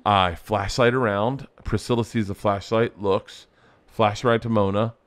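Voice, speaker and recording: A middle-aged man telling a story with animated delivery, acting out his family's voices. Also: lowish voice, unhurried. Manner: lively, acts out voices of family. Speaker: comedian guest.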